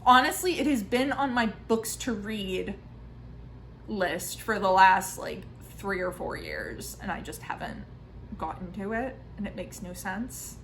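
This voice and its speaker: A woman in her thirties chatting casually in a book vlog, self-mocking and full of quick asides. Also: medium pitch, a bit bright, a little hiss or hum, low-quality recording. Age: 30s. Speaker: book vlogger.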